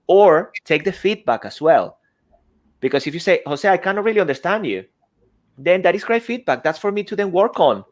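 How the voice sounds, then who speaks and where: A man speaking English with a non-native accent, a podcast guest and coach who talks emphatically and asks rhetorical questions. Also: mid-range voice. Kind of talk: conversational coaching talk. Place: remote podcast setup with desk mic.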